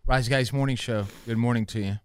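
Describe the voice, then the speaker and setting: A man's voice: medium pitch, a little fast, clean tone, dry recording. A man hosting a morning radio show, chatting loosely and laughing often on a studio mic. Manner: rambling, animated, laughs often. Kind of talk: casual radio banter.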